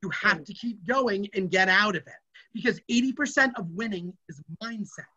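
An emphatic speaker with a bright, forceful voice leads a motivational workshop for students. The audio has the slightly dull sound of an online video session, and the speaker's voice sits at a middle pitch. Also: moderate pace, slightly rough. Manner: energetic and emphatic. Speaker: workshop presenter.

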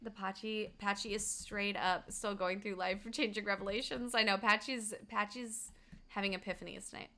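Bright, fast-talking young woman streamer. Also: medium pitch, fairly even intonation. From Colorado, USA. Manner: fast-talking, chatty, reads chat aloud, hums along. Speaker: game streamer. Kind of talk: casual livestream chat while gaming.

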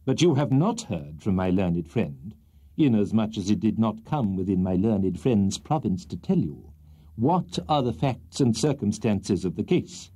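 A man voicing a pompous middle-aged male barrister who orates slowly and grandly to a jury. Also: on the low side, lively intonation, warm tone, breathy edge. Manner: grandiloquent, slow and emphatic courtroom oratory.

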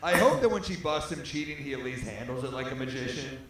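A male comedian telling a stand-up story on stage in a club, animated and laughing through his own lines. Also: mid-range voice, quick pace. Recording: echoey comedy club with faint noise.

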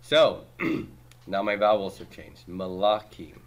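A man teaching a class, reviewing homework by asking brisk questions and cracking dry jokes. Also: low-pitched, steady tone. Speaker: Hebrew teacher.

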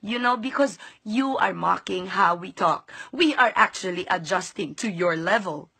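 A woman's voice: medium pitch, animated, moderate pace, creaky, pushed and bright, breathy edge. A Filipino-accented woman vlogger ranting straight to camera, indignant and sarcastic. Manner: indignant, sarcastic, switching between English and Tagalog. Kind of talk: angry direct-to-camera rant.

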